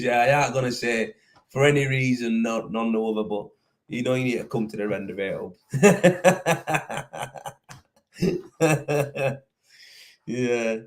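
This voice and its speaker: Man, Yorkshire accent, show host, casual banter, slangy, swears, laughs a lot, mid pitch. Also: slow pace, pauses often, a bit bright. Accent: Yorkshire English. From Yorkshire, England. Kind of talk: casual chat.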